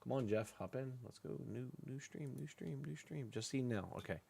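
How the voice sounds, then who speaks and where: A man's voice: medium pitch, normal speed, gravelly, warm tone, slightly rough. A man hosting a casual live stream about pet snakes, talking loosely with a guest and his chat, laughing often and swearing freely.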